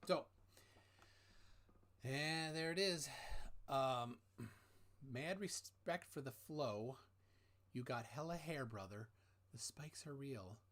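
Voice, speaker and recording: A man hosting a casual livestream, reading out chat comments in a rambling, halting way with many fillers, holding his mic close at home. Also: medium pitch, a bit bright. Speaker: livestream host. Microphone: handheld mic held close.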